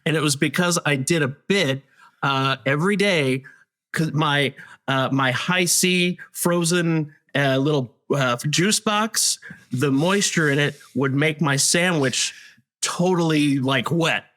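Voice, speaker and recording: A man's voice: a little high, takes it slowly, fairly bright tone. A man telling a childhood story in rambling casual chat, full of fillers. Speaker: improv performer.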